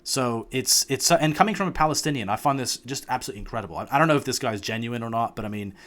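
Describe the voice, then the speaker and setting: A man's voice: medium pitch, fast, a bit bright. A man hosting a reaction video, commenting casually with frequent hesitations and restarts. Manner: hesitant, many restarts, frustrated.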